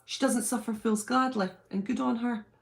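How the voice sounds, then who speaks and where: A woman with a British accent hosting a live stream from home, chatting casually and reading out viewer comments in a gushing, excitable way. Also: on the high side, moderate pace, gravelly. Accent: British English.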